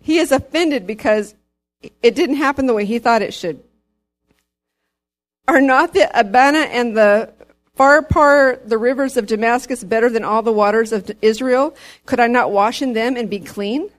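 A woman's voice: on the high side, normal speed. Chatty woman teaching from scripture. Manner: conversational, with fillers, reads scripture aloud. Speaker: bible study leader. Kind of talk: informal bible teaching.

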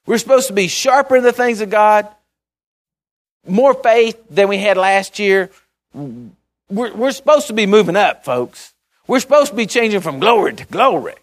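High-pitched guy preaching, reads scripture, earnest, keeps asking the crowd if they're with him. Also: expressive, normal speed. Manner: earnest, checks in with the congregation; stumbles and restarts, speaks in short bursts. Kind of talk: conversational sermon with scripture reading.

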